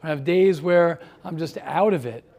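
A man's voice: a little high, moderate pace, vocal fry, a little mellow. A man teaching a class, firing off rhetorical questions and repeating himself, growing heated as he presses his point. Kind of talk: classroom talk with students.

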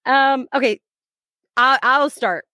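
A woman's voice: high voice, takes it slowly, bright, forceful tone, no echo. Chatty woman podcast host, dry sound. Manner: chatty, teasing, lots of fillers and restarts. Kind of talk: casual chat.

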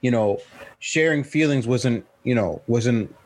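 Podcast co-host, male, husky, restless restarts and swearing, dry close mic. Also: mid-range voice, unhurried, no echo. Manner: rambling, profane, many restarts. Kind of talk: casual podcast chat.

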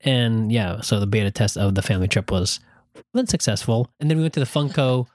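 A man chatting casually as a podcast co-host, an animated storyteller who acts out what people said. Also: on the low side, fairly quick, no echo, clean studio sound. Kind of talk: casual chat.

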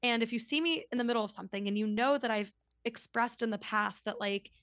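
A woman in her twenties telling a story as a podcast guest, in a casual, chatty way full of "like" and quick asides. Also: on the high side, no echo, clean studio sound. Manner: chatty, lots of "like", animated retelling.

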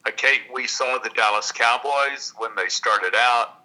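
A man from Texas, an actor and guest, telling stories in an unhurried, reflective interview. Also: medium pitch, bright, forceful tone, rough recording. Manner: unhurried, reflective, with long pauses.

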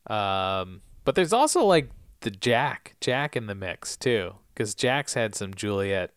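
A male podcast co-host recaps an episode in a chatty, casual way. His pitch moves a lot, and he sinks into a quieter, lower tone when he reads quotes. The sound is dry and close to the mic. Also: very animated, slow, clean tone, no echo. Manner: reads out quotes in a low, hushed voice, laughs often.

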